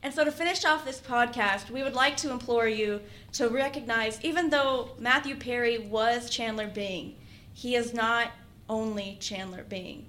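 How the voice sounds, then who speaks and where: A woman's voice: fairly high pitch, normal speed, fairly bright tone, slight background noise. A young woman chatting casually on a podcast, full of fillers and laughter. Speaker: podcast co-host.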